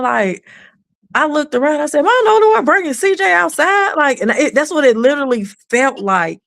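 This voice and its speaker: Woman, animated storyteller, acts out voices, dry close sound. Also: a little high, gravelly, dry recording. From East Texas. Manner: animated, acts out quoted voices, drops into a whisper when quoting. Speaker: mother of an autistic son, guest. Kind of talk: casual storytelling on a podcast.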